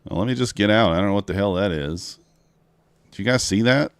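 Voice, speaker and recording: Deep-voiced man streaming his trades. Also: a little fast, clear, resonant tone, no echo. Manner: chatty, talks to chat viewers while trading. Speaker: live-streaming futures trader. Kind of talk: casual live-stream commentary.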